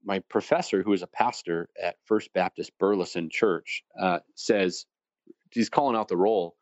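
A man with a low voice, speaking as an interview guest. He tells his stories with energy and acts out the people he quotes. The recording sounds dull and completely dry. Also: moderate pace, no room sound. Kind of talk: conversational storytelling.

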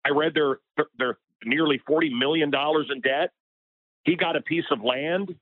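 Here the radio personality's voice sits fairly high, moving at a moderate pace while he speaks as a guest and works himself into an impassioned state. It's a heated interview captured dry over a tinny phone connection.

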